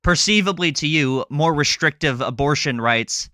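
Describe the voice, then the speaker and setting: A man hosting a live stream, ranting sarcastically and fast with lots of fillers as he reacts to a clip. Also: fairly high pitch, bright, forceful tone, no room sound, studio quality. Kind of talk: casual chat reacting to a clip.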